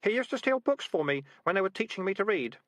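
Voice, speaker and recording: A man's voice: high-pitched, sing-song, fast, fairly bright tone, dry recording, pitched above the performer's own voice. A man voicing an earnest, simple-hearted young man.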